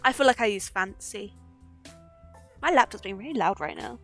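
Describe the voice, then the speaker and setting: A woman's voice: medium pitch, normal speed, fairly bright tone, faint music behind. A young woman chatting casually on a livestream, giggly and swearing freely. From Britain. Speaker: streamer.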